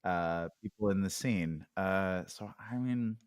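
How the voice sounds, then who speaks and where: A man's voice: low voice, takes it slowly, clear, resonant tone, no room sound, clean studio sound. A man talking as a podcast guest in casual conversation, reflective and hesitant, with many fillers and restarts.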